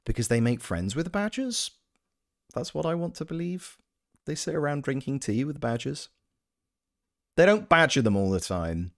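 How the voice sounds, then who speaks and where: A man chatting casually on a game stream, reading his chat aloud with playful, joking asides. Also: mid-range voice. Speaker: gaming streamer and voice actor.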